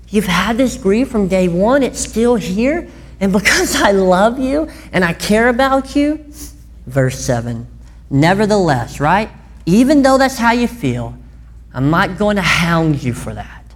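A woman's voice: mid-range voice, a little slow. A woman preacher giving a conversational sermon and often asking her listeners questions. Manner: animated, chatty, asks listeners questions.

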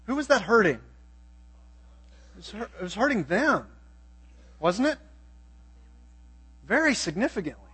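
A man's voice: high-pitched, a bit bright, breathy edge. A man preaching a sermon, reading scripture and asking his listeners pointed questions. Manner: emphatic, asks the audience questions.

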